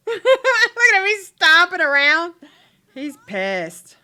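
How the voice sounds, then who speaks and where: Bright, lively woman narrating a game. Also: very high-pitched, very slow. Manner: voices her game characters' bickering in quoted lines, laughs often. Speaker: let's play host. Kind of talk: casual gameplay commentary.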